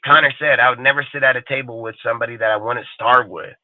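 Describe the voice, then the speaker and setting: Hosting a profane live stream, a man rants angrily, swears constantly and mocks other people's voices. His mid-range voice is steady in tone and fast, and the tinny, phone-like recording is dry with no room sound.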